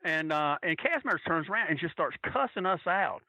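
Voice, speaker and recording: A man on a podcast telling a long, animated, profane story with plenty of restarts. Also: a little high, normal speed, dry recording, highs cut off. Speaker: podcast guest telling a wrestling fan story. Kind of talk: casual storytelling.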